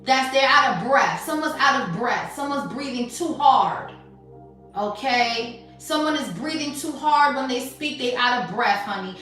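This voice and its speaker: A woman's voice: high voice, sharp tone, far from the mic. Sassy, blunt woman giving a tarot reading. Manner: blunt, sassy, profane, emphatic. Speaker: tarot reader. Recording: very echoey room, off mic, faint music.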